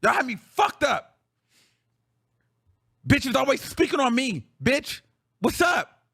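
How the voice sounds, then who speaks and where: A man's voice: very high voice, sing-song, slow, creaky, pushed and bright, husky. A male show host in a heated, profane reaction rant, venting with repeated phrases.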